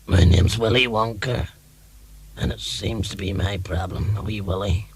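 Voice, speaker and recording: A man voicing a croaky-voiced audience member in a comedy sketch. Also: on the low side, steady tone, normal speed. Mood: earnest. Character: croaking man caller with an embarrassing problem.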